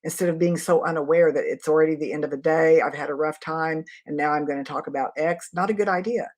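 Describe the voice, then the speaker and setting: A woman's voice: low voice, fairly even intonation, fast talker, darkish tone. A middle-aged woman and leadership coach giving a live teaching talk, earnest, practical and conversational.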